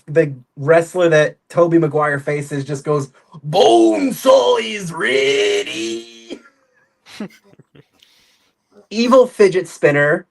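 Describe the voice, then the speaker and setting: A man on a video call, chatting in a deadpan, joking way as a robot combat team member. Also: fairly high pitch. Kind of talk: casual livestream chat.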